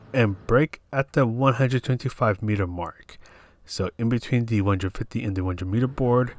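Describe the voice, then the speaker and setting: A young man calmly talking through a racing game lap step by step, with a groggy morning voice. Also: fairly low pitch, a little hiss or hum. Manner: calm, steady step-by-step explaining. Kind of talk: instructional voice-over commentary.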